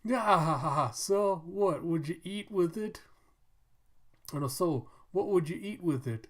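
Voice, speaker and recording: A man voicing a crowd of poor but cheerful townsfolk while reading a manga aloud, loud and folksy. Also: a little high, unhurried, lightly acted. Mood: jolly.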